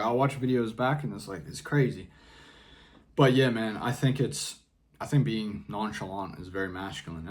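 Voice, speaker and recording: A young man vlogging casual advice in a laid-back, rambling way, peppering his talk with slang. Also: fairly low pitch. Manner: rambling, often trails off and restarts.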